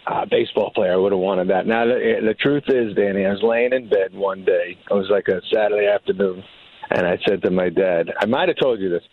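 This guest, a middle-aged New Englander, talks briskly in a fairly low voice, telling stories in casual conversation and animatedly doing his parents' voices. The audio is narrow and tinny.

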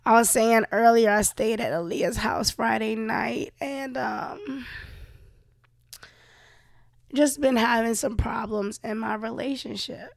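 A woman's voice: a little high, slow pace, creaky, no room sound, studio quality. A young woman host with a cough, venting candidly and profanely to her listeners in a casual monologue. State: sick with a cough. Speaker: show host.

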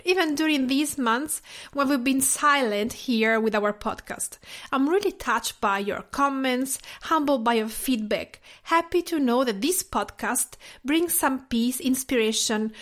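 A woman from Tuscany with an Italian accent, a native Italian speaker, hosting a podcast in gentle, measured scripted narration. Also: on the high side. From Tuscany, Italy. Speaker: podcast host.

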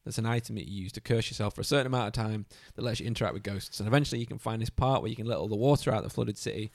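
A man's voice: lowish voice, very fast, gravelly, no room sound, studio quality. A man chatting casually about a video game, enthusiastic and swearing freely.

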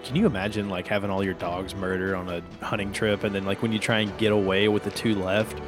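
A man playing a tabletop game, animated and laughing as he talks. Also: on the low side, fast, over music. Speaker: player. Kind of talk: casual tabletop play.

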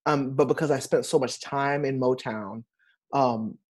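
Male stage performer, guest; animated, chatty, lively swings in pitch. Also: measured pace, husky. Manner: animated, expressive storyteller. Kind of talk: casual interview talk.

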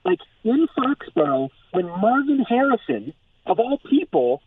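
Excitable male football reporter phoning in, gravelly and husky, tinny line. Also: very high voice, unhurried, no room sound. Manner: animated, filler-heavy, excited. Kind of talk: phone-in sports analysis. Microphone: phone.

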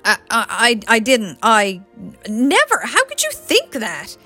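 A woman's voice: fairly high pitch, lively intonation, moderate pace, sharp tone, soft background music. A woman reading the lines of a flustered, defensive young man in a storybook. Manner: sputtering, defensive.

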